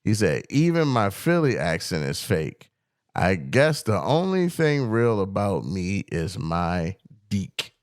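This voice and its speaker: A man co-hosting a casual podcast, arguing animatedly and breaking into quick impressions of people he quotes. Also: low voice, no room sound, clean studio sound. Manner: animated, argumentative, quotes others in put-on voices. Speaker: podcast co-host. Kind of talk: casual debate chat.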